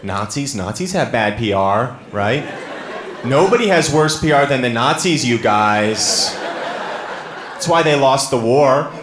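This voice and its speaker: A man performs a stand-up set, talking to the crowd in an easy, chatty way before suddenly belting out shouted, sung lines. His voice sits a bit high and swings widely in pitch. The sound is roomy and echoey, with clear room noise behind him. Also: animated, measured pace. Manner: conversational, with sudden loud sung and shouted bits. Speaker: stand-up comedian. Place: live comedy stage before an audience. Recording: roomy hall with audible ambience.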